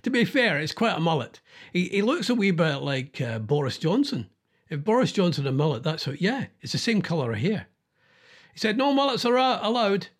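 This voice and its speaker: A man with a slightly husky, fairly high voice hosts a casual chat. He rambles and thinks aloud, chuckling between stories. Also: very animated, brisk.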